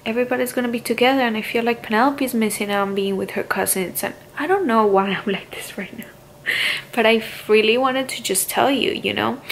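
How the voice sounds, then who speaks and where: A young woman, a stay-at-home mom vlogging, speaking haltingly and on the verge of tears in an emotional confessional. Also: medium pitch, creaky, a little hiss or hum, low-quality recording. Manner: tearful, halting, many fillers.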